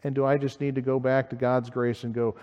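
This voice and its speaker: A man preaching a sermon as pastor, earnest, voice rising with emphasis and then dropping low and quiet. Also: flat delivery, brisk, long reverb tail, muffled recording. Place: church sanctuary.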